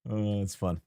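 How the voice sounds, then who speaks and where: A man's voice: on the low side, warm tone, no room sound, clean studio sound. A man streamer chatting casually and teasingly with his chat while playing a game, rambling and joking.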